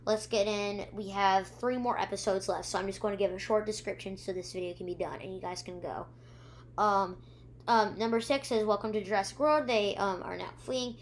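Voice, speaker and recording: A woman's voice: mid-range voice, slight background noise. A young woman recapping a show's episodes in a rambling, casual way, with many ums, acting out characters' lines and humming sound effects. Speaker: YouTube reviewer. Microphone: own camera.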